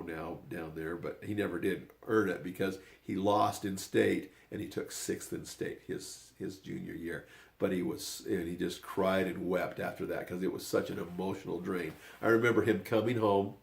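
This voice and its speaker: A man's voice: deep voice, steady tone, moderate pace, creaky. An older man, a grandfather, telling a family story in a rambling, casual way, often circling back with "anyway".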